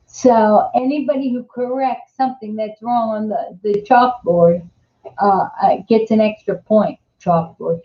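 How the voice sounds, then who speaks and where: A woman's voice: mid-range voice, fairly even intonation, unhurried. An older woman with a New Jersey accent hosting a casual live-stream chat, rambling and chatty with many restarts. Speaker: host. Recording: echoey room, dull lo-fi sound.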